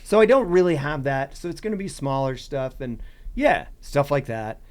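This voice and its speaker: A man's voice: a little high, big pitch swings, moderate pace. A man chatting as a podcast guest about long-distance hiking, rambling with restarts and "you know". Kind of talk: casual podcast chat.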